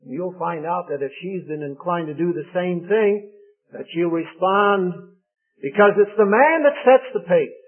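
Older male preacher, husky and a bit high-pitched, folksy storyteller, captured on a thin, phone-like recording. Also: measured pace. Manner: folksy storytelling, quotes others in lively voices. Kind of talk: sermon with personal stories. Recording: phone-like narrow sound.

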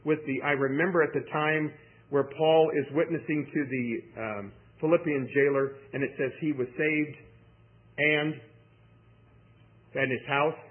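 A man's voice: on the high side, fairly even intonation, a little slow. A man preaching a sermon, emphatic, with personal stories and impassioned questions to the congregation. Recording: tinny phone-like audio.

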